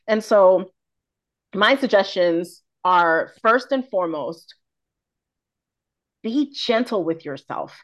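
A woman's voice: mid-range voice, lively intonation, takes it slowly, pauses often. A woman in her forties, a confidence coach and podcast guest, talking frankly and expressively in casual conversation, swearing freely.

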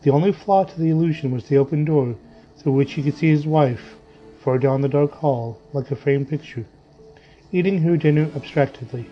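A man narrating a story in a measured, dramatic reading style. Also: fairly high pitch. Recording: dull lo-fi audio with faint music.

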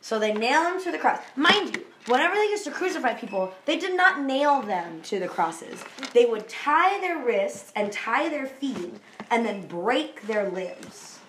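Young woman, chatty storyteller, higher voice, roomy and noisy recording. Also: unhurried. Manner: animated, slangy, lots of "like". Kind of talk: casual chat. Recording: echoey room with background noise.

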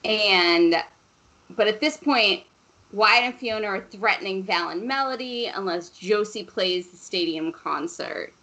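Woman, 30s, podcast co-host; bright, chatty, casual swearing, laughs easily. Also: medium pitch, unhurried, rough recording. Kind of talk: casual chat recapping a movie.

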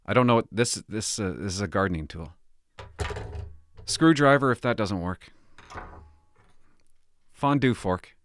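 A man's voice: on the low side, a little slow, pauses often, slight background noise. A former police officer talking casually to camera, nervous and laughing to himself as he pries open a device. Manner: nervous, laughing, talks to himself while tinkering. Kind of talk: casual vlog narration.

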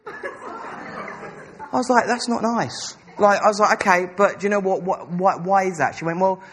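A young man preaching a sermon, telling a story with animated, acted-out dialogue. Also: sits high, fairly quick.

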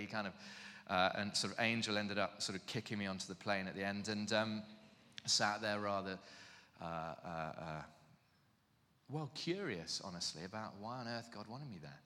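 A man preaching in an animated, self-mocking storytelling way, heard in a reverberant hall. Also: lowish voice, moderate pace. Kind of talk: storytelling sermon.

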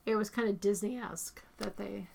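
A woman's voice: mid-range voice, steady tone, normal speed, creaky, a little mellow. A middle-aged woman chatting casually as an interviewee, feeling the heat and losing her voice a little. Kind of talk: casual chat.

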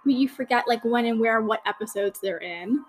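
A woman's voice: a little high, moderate pace, rough recording. A young woman hosting a podcast, chatting casually through a watch-along commentary, gushing and full of fillers. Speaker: podcast host.

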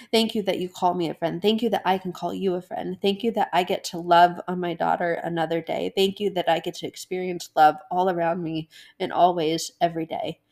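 A woman speaking casually about faith, animated, acting out little inner voices and laughing often. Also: lowish voice. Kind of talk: casual devotional talk.

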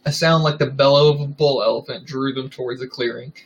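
A man in a mid-range voice reads a story aloud with dry, deadpan narration. His delivery is even and unhurried, as a podcast co-host. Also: mid-range voice, muffled recording, slight background noise. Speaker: co-host reading fan fiction aloud. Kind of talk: comedic dramatic reading.

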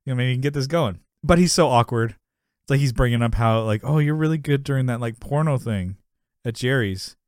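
Male podcast co-host, chatty and rambling, quick to laugh, mid-pitched, dry studio sound. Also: dry recording. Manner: rambling, laughs often, acts out quotes. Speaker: podcast co-host recapping a sitcom episode. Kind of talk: casual chat.

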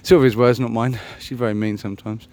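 A man's voice: medium pitch, fairly even intonation, fairly quick, darkish tone. A man musing aloud on a solo podcast, meandering and self-mocking, with many ums and restarts. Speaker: podcast host. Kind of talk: rambling solo podcast chat.

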